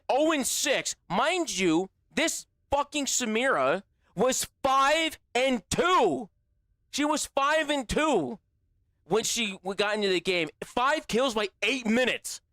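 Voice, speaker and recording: Young male streamer, loose and profane banter, bright tone, dry close mic. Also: high voice, dry recording. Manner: animated, profane, slangy banter with chat. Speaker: gaming livestreamer. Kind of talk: casual stream chat with viewers.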